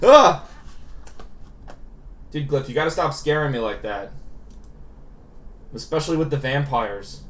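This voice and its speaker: A man streaming a game, chatting casually, joking, swearing freely and reacting loudly to what happens on screen. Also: mid-range voice, moderate pace, pauses often, slight background noise. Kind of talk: casual gaming commentary.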